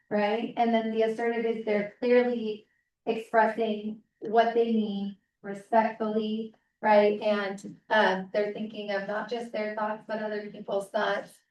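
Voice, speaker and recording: A woman's voice: medium pitch, little pitch movement, slow pace, lo-fi sound, a little hiss or hum. A woman presenting a parent seminar in a casual, conversational way, checking in often with the audience. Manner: casual, checks in with frequent "right?". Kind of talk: conversational teaching talk. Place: seminar room. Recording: roomy, distant mic.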